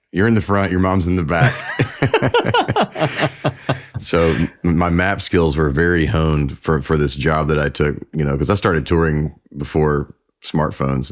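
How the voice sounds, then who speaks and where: A man who is a singer-songwriter, talking as an interview guest and telling relaxed stories, with some restarts. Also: extremely low pitch. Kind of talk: conversational interview.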